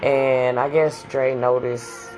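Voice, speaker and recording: A woman's voice: a bass voice, flat delivery, takes it slowly, over music. A woman telling a personal story in a casual, candid way, blunt and swearing freely.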